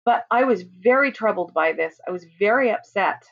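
A woman's voice: mid-range voice, animated, moderate pace, creaky, fairly bright tone. A woman in her fifties from Utah, earnestly telling her own story as an interview guest, emphatic and often restarting her sentences. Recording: muffled lo-fi audio.

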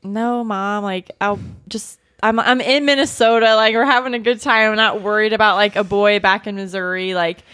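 A young woman who is a guest on a podcast, recalling a story in an easygoing tone. Her voice sits at a middling pitch for a woman. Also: steady tone, normal speed, few pauses, fairly bright tone, clean tone. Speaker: podcast guest, co-host's wife. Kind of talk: casual chat.

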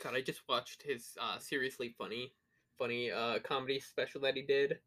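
A man's voice: mid-range voice, steady tone, moderate pace, a bit bright. A man co-hosting a podcast in casual chat, laid-back and rambling, swearing freely and laughing often. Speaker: podcast co-host.

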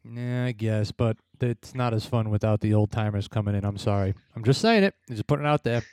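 A man's voice: lowish voice, brisk, darkish tone, clear, resonant tone, no room sound, clean studio sound. A man co-hosting a casual wrestling chat, rambling and blunt, often laughing at his own remarks. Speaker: podcast co-host.

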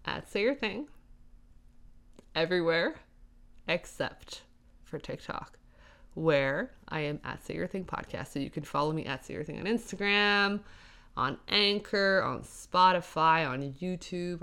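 Casting note: low-pitched young woman, solo podcast host, tired, chatty and rambling. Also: vocal fry, a bit bright. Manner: rambling, many fillers, upbeat.

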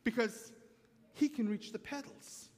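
A man's voice: very high voice, measured pace, in a large hall. A man preaching a sermon as pastor, telling stories and calling for amens from the congregation. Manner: storytelling preacher, calls for amens.

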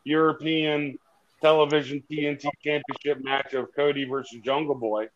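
A man from North Carolina co-hosting a casual podcast chat, who breaks into quick rants. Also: a little high, little pitch movement, slight background noise. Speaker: podcast co-host. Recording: dull lo-fi sound.

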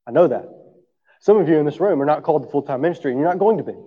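This male pastor talks very fast in an expressive, slightly high voice. His sermon to the congregation is easygoing and conversational, sprinkled with "right?" and occasional coughing, recorded in a church sanctuary with dull sound and long hall reverb.

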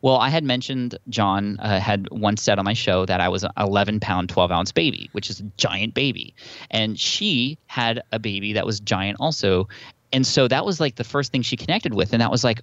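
A man appears as a podcast guest, giving a conversational interview answer in a fairly low, brisk voice. He's chatty and tells animated stories full of restarts and fillers, on a dry recording with the highs cut off.

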